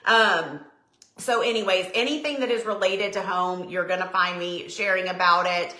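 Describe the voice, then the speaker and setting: A middle-aged woman from Tennessee with a Southern accent, chatting casually and warmly greeting viewers by name on her live stream. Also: on the low side, moderate pace. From Tennessee, USA. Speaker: decor business owner hosting a live stream. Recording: echoey room.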